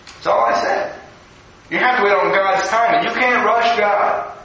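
A man with a high, bright voice preaches a recorded devotional in a conversational, storytelling manner. He is heard from a distance in a strongly echoing room. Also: moderate pace, highs cut off, a little hiss or hum. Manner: storytelling, conversational, acts out quotes. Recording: echoey room from far off.

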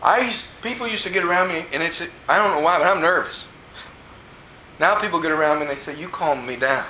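A man preaching a sermon as a personal testimony, telling the story earnestly and moving between hushed and excited tones. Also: high voice, fast talker, a little hiss or hum. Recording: roomy echo.

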